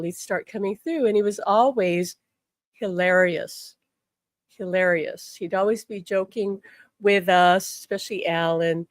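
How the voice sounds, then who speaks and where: A woman's voice: medium pitch, dry recording. Chatty older woman, dry close mic. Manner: chatty and animated, repeats words, says "like" often. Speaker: spiritual healer and angel teacher. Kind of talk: personal storytelling on a live stream.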